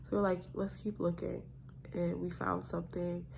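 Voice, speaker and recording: A woman's voice: fairly low pitch, level tone, moderate pace, gravelly, a little mellow, a little hiss or hum. A young woman vlogger telling a story in a casual, exasperated way, full of rhetorical questions.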